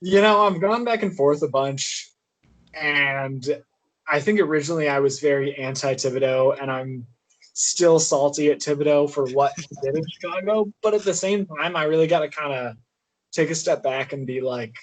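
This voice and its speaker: Relaxed young man on a sports podcast. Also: fairly high pitch, moderate pace, poor audio. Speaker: podcast co-host. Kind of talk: casual sports chat.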